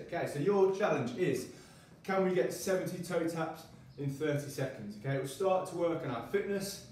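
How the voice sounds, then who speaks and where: A man's voice: fairly high pitch, lively intonation, moderate pace, distant mic, noisy background. A male PE teacher leading a home football lesson, encouraging and demonstrating as he talks. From United Arab Emirates school. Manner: encouraging, demonstrating while talking. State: a little out of breath while counting. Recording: very echoey room, voice from off the mic.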